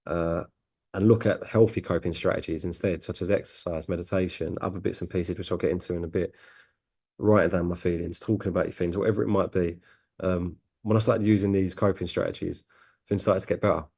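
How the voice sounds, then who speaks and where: Deep-voiced, fast-talking man in his thirties. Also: steady tone, gravelly, dark tone, slightly rough. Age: 30s. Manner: candid, chatty storytelling with frequent fillers and restarts. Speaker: guest speaker from a youth charity. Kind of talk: personal story told to an audience.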